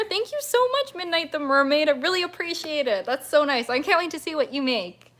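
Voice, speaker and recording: A woman's voice: sits high, lively intonation, a little fast, a bit bright. A young woman hosting a casual livestream as a mermaid performer, bubbly and giggly, gushing with thanks as she chats with viewers. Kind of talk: casual livestream chat reading viewer comments.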